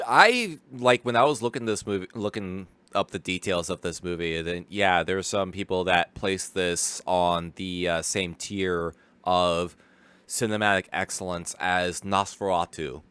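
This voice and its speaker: A man's voice: low voice, a bit bright, smooth, no echo. A man casually commenting as a streamer, rambling with lots of fillers and restarts and laughing easily. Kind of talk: casual live watch-along commentary.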